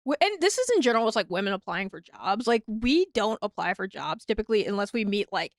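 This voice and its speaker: A woman's voice: mid-range voice, quick pace, no echo, studio quality. A woman comedian with an Upper Midwest American accent, chatting on a podcast and telling stories with acted-out quotes and frequent laughs. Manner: animated storyteller, acts out quotes, laughs often. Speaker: comedian guest. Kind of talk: casual podcast chat.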